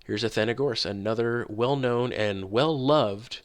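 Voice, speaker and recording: A man reading early writings aloud and commenting on them in an emphatic way, slowing down and pushing hard on key words. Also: medium pitch. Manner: emphatic, rising on key words, slows down for stress. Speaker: online religious commentator.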